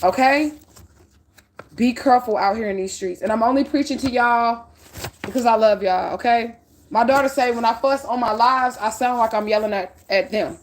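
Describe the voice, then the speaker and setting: A middle-aged woman spiritual reader with a slightly high voice, lecturing her listeners in a blunt, profane, preachy way. She hammers her points home with repetition and strong emphasis. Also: normal speed. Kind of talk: livestream spiritual reading.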